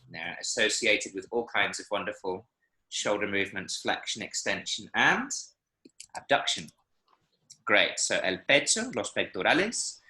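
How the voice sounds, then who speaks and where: A man teaching a language class over a video call, with a voice that rises and falls a lot. His tone is bright and carries, and he keeps praising his students while he models words for them. The sound rings off the walls of the room he is in. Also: fairly low pitch, very animated, moderate pace. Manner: encouraging, explains with spoken examples. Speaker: Spanish teacher. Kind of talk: online language lesson. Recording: echoey room.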